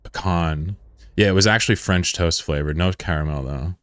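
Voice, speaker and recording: Young male streamer, deep and dry, loose, profane banter. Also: moderate pace, clear, resonant tone, no room sound. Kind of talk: casual live-stream chat.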